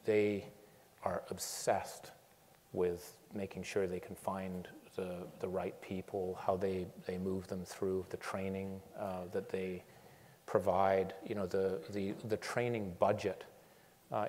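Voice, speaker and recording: A man speaks in a fairly low voice, and the sound has the long echo of a lecture hall. He talks in an animated way, stopping and restarting often and repeating words as he tells his story. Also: slight background noise. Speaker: guest speaker.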